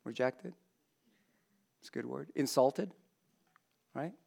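A man's voice: mid-range voice, unhurried, vocal fry, a little mellow. A man preaching a sermon to a congregation in a conversational way, joking with people in the front rows. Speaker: pastor.

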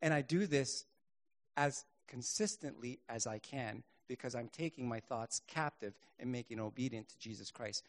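A middle-aged man preaching a sermon and telling his own testimony, earnest, rising to emphatic bursts and then dropping quiet. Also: mid-range voice, normal speed.

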